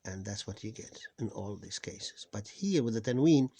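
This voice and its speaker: A man at a mid pitch gives an informal reading lesson, pronouncing sounds again and again with patience. He often stops to correct himself, and he sounds tired. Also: expressive, mellow. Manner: patient, repeats words slowly, self-correcting. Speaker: Arabic reading teacher.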